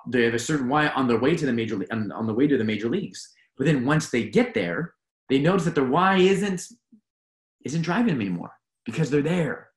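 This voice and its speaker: Guy coaching athletes on mindset, pitch jumps all over, echoey room. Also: animated, fairly quick. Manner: earnest, emphatic, repeats key phrases. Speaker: mental performance coach. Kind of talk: motivational talk. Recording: roomy echo.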